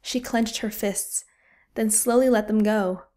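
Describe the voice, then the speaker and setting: A woman narrating a fantasy war audiobook in an expressive, vivid storytelling style. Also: mid-range voice, unhurried.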